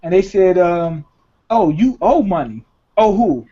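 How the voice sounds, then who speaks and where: A young man, the host, telling a story in casual chat with a profane, animated delivery and acted-out quotes. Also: sits high, unhurried, breathy edge. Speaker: podcast host. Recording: dull lo-fi recording.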